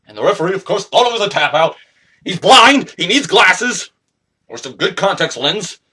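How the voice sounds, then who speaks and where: Husky, high-voiced man trash-talking. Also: animated, normal speed, pushed and bright. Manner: boastful, taunting. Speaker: wrestling promo character. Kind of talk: trash-talking wrestling promo.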